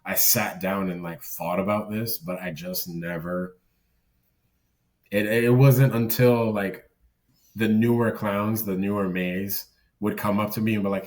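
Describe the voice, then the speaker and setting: Man, podcast guest, very low voice, rambling, self-deprecating, distant mic. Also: steady tone, a little slow, darkish tone. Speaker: podcast guest, circus clown. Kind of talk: casual podcast conversation.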